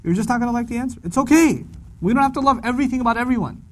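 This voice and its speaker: A middle-aged man giving a humorous religious lecture, animated and repeating lines for emphasis. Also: extremely high pitch, racing. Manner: animated, acts out quoted voices, repeats for emphasis. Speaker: Quran teacher.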